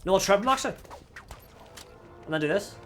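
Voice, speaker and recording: A young man hosting a gaming channel, giving let's play commentary; excitable, he yells at the game and swears. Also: sits high, fairly quick.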